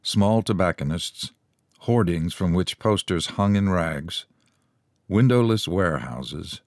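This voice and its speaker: A male audiobook narrator reads scripted material in a measured, even storytelling style. His voice is low-pitched, and the recording is dry with studio quality.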